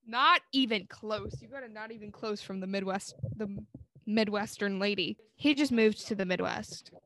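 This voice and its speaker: A young woman co-hosting a casual podcast, playful and jokey and quick to laugh. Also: mid-range voice, slight background noise. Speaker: podcast co-host. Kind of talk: casual chat.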